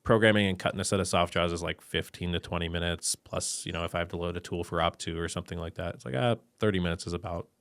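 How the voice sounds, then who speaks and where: Male guest, low voice, heated casual rant, dry close sound. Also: fast talker, hardly any pauses, dry recording. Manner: animated, exasperated ranting. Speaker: machine shop co-owner, guest. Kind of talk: casual podcast conversation.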